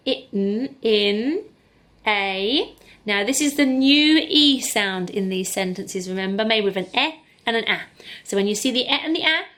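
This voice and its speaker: A woman teaching a phonics lesson to camera, slowly sounding out letters and blending words in an encouraging way. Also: mid-range voice, fairly bright tone. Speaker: primary school teacher. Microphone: camera in front of her.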